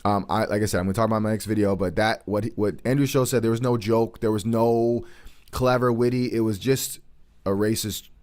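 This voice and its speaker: A man's voice: on the low side, fairly even intonation, fairly quick, darkish tone. A man hosting a livestream, giving earnest, emphatic commentary on current events and repeating his points to stress them.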